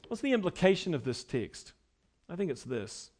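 A man preaching an expository sermon, moving between quiet teaching and loud, emphatic passages, with conversational fillers. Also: a little high, sing-song, moderate pace.

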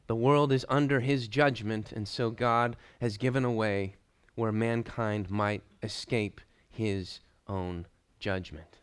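A man's voice: a bit bright, clean tone. Earnest man preaching a sermon. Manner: earnest, emphatic, repeats key phrases, drops low at line ends.

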